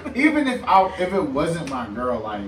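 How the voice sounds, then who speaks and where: Young man, podcast co-host: high, swinging pitch, laughing banter, roomy room, mic well off. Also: huge pitch swings, normal speed, a loud crowd. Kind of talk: casual group chat. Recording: roomy, distant mic with loud noise.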